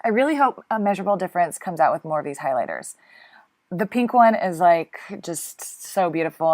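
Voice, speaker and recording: A woman's voice: lowish voice, darkish tone. A woman talking through a makeup tutorial in a chatty, flustered way, laughing often and apologizing along the way. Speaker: beauty vlogger.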